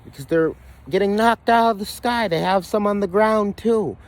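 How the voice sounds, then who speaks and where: Recorded outdoors on a phone, a vlogger with a high voice and moderate pace rants through a rambling, profane conspiracy monologue. He keeps restarting sentences and repeating himself.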